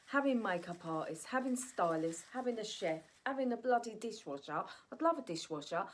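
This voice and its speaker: A woman vlogging in a chatty, ranting monologue, often tossing in "right?" asides. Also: mid-range voice. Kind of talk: casual opinion monologue.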